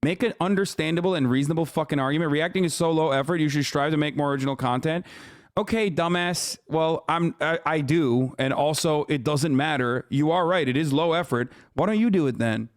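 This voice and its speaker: A man's voice: fairly high pitch, fairly quick, no echo, studio quality. A man in his thirties streaming live, ranting and mocking his chat with lots of profanity, combative and sarcastic. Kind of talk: live stream reaction rant.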